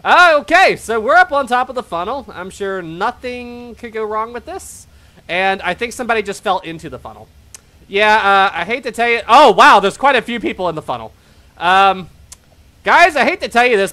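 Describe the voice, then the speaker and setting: A man's voice: high-pitched, expressive, moderate pace, bright, forceful tone, faint music behind. A man hosting a live game stream, commenting playfully, laughing often and putting on theatrical farewells. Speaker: streamer and host.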